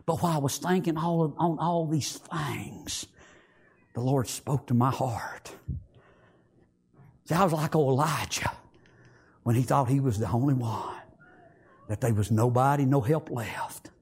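A man preaching an emotional sermon in folksy rural grammar. He swings from loud pleading to hushed tones. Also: mid-range voice, unhurried, long pauses, slightly rough.

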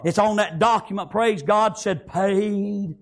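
A man preaching a sermon, fervently repeating praise and amen and rising to shouts. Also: high-pitched, slow pace.

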